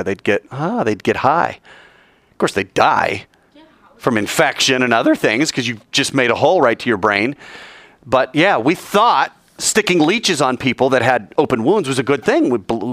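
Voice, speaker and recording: A man preaching a sermon in an animated, joking way, acting out scenes as he goes. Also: medium pitch, dry recording, studio quality.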